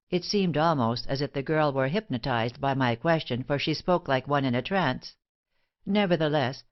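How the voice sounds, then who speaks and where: A woman narrating a detective novel as an audiobook in a measured, even reading. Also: sits low. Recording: dull lo-fi audiobook recording.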